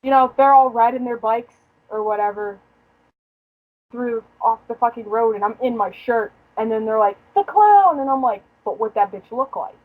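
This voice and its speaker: A young woman chatting casually as a podcast host, her voice pitched a little high. She tells her story in a profane, joking way and breaks into laughter often. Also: steady tone, moderate pace, phone-quality sound. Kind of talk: casual chat.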